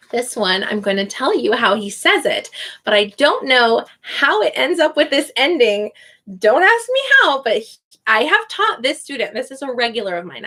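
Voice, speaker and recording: Slow, careful young woman teacher. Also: fairly high pitch, bright, forceful tone. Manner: slow, careful, drawn-out name pronunciation. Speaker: online English teacher. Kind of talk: casual live teaching chat.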